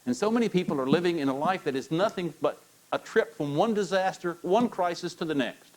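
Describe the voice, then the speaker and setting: A male pastor, preaching a sermon and coaxing his congregation into repeating lines after him, with animated, playful encouragement. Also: sits high, fairly quick, low-quality recording. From United States.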